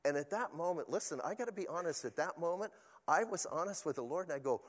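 A man's voice: a little high, animated, fast, in a large hall. An older man, a pastor, preaching a sermon in a chatty, storytelling way with asides to the congregation.

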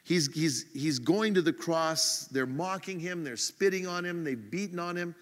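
A fairly high-voiced man preaches a sermon, chatty and self-mocking, now and then acting out his own irritation in quick asides. His voice carries a long reverb, as if he stands at the front of a church hall. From United States. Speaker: pastor.

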